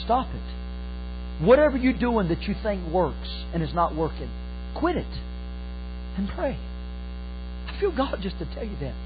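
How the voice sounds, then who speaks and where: A male pastor preaching a sermon, with impassioned swings and sudden loud exclamations. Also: high voice, very animated, normal speed. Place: church. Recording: tinny phone-like sound with faint mains hum.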